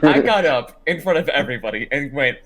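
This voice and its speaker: A young man co-hosting a podcast, telling animated stories in casual chat and laughing often. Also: medium pitch, brisk, heavy background noise. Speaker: podcast co-host.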